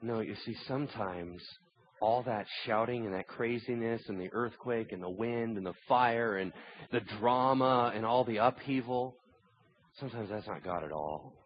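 A man preaching a sermon as pastor, telling stories and swinging between hushed tones and loud, emphatic points. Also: mid-range voice, normal speed, lo-fi sound.

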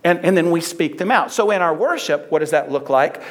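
A man's voice: fairly high pitch, lively intonation, a little fast. A middle-aged man preaching a conversational sermon, repeating phrases for emphasis. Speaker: pastor.

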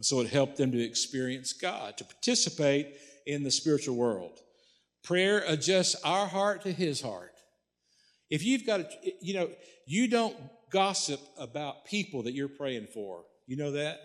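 A man's voice: on the high side, lively intonation, unhurried. Folksy man preaching a sermon. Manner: folksy, repetitive, conversational preaching. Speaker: pastor.

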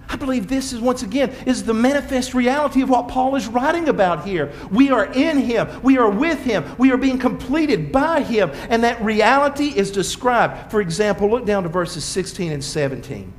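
High, lively preaching man. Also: moderate pace, hardly any pauses, slight background noise. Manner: expressive preaching, swinging from loud emphasis to soft quiet asides. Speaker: pastor. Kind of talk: sermon.

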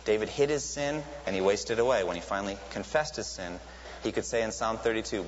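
A man's voice: lowish voice, a little fast. A man preaches a sermon in an earnest, teaching manner, his voice lifting sharply whenever he quotes someone crying out. The sound is lo-fi and a little dull, with a long hall reverb trailing each phrase and a faint hiss underneath. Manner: earnest teaching tone, rises sharply when quoting cries.

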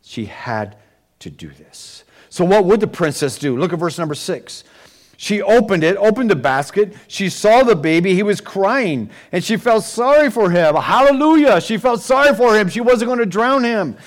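A man preaching a sermon, retelling a scripture story with dramatic, animated storytelling. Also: high-pitched, normal speed. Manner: dramatic, storytelling, with rising and falling intensity. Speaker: pastor.

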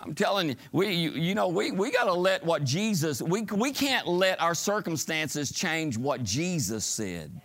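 Man, preacher, fervent sermon delivery, call-and-response, bright edgy voice. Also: on the high side, big pitch swings, a little slow, hardly any pauses. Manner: fervent, shouting climaxes, call-and-response asides.

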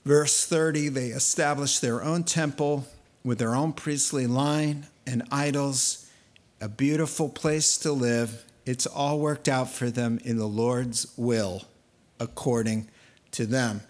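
A man preaching a sermon, telling the story in a lively way and acting out the voices he quotes. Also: mid-range voice, slow pace. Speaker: pastor.

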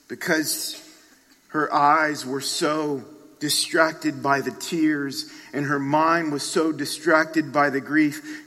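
A man preaching a sermon, telling a story dramatically and swinging from hushed passages to loud ones. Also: medium pitch. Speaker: pastor. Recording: long reverb of a large hall.

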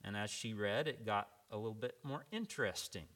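Bright-voiced man preaching a sermon. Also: fairly low pitch, brisk. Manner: conversational, folksy storyteller. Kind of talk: sermon with storytelling.

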